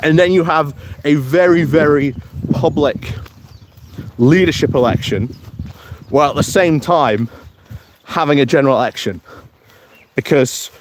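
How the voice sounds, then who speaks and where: There's background noise as a man with a higher-pitched voice live-streams from a countryside morning walk. His political commentary is casual and chatty, punctuated by frequent chuckles and readings of viewer comments.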